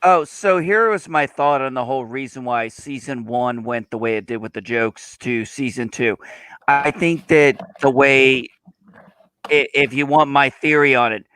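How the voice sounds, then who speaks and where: A man with a bright, crisp voice leading a relaxed panel discussion. He is animated and laughs easily as he steers the conversation. His voice sounds dry and close. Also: mid-range voice, a little slow, dry recording. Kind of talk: casual livestream panel chat.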